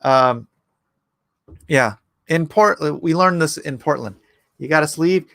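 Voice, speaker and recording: A man talking his way through a casual livestream, rambling and sarcastic and full of mocking asides. His voice sits a little high for a man. It is recorded close and dry, with no room sound. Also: unhurried, vocal fry, a bit bright, no room sound. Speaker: artist hosting a livestream. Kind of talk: casual political commentary.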